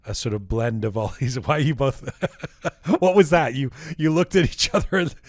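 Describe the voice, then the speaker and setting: A man hosts a relaxed interview in a teasing, curious way and laughs easily. His voice sits at a middle pitch and is recorded dry and close, with little room sound. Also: normal speed, dry recording. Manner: playful, probing, laughs easily. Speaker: interview host. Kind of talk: casual interview.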